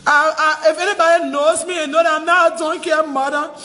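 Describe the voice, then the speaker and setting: A woman's voice: sits high, steady tone, fairly quick, sharp tone, big-room sound. A Liberian woman making a distressed, tearful plea on a phone livestream, insisting again and again in a pleading tone. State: crying, distressed.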